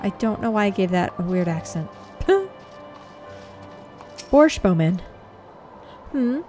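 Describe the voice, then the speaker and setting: A woman's voice: fairly low pitch, animated, a little slow, dark tone, faint music behind. A woman giving casual gameplay commentary, chatting and reacting aloud between dialogue. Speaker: let's play streamer.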